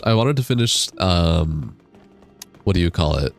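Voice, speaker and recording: Speaking at normal speed, a man with a low, animated voice plays a game live on stream using a desk USB microphone. Between casual remarks he reads the chat aloud, laughing and swearing from time to time.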